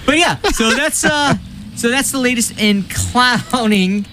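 A man's voice: very high-pitched, animated, slow, pushed and bright, a little hiss or hum. A man co-hosting a radio show, telling news and history with playful jokes and frequent laughter. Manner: laughs often, playful storytelling. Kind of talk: joking radio banter.

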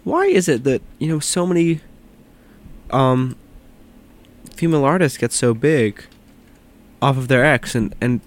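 A man co-hosting in casual banter with a dry, deadpan delivery. His voice is at an ordinary middle pitch. He drops quick, understated jabs.

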